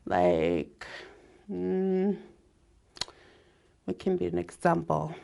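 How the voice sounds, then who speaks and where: A woman teaching a language lesson. She speaks in a relaxed way, laughs often and draws out her example words. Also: on the low side, very slow, gravelly.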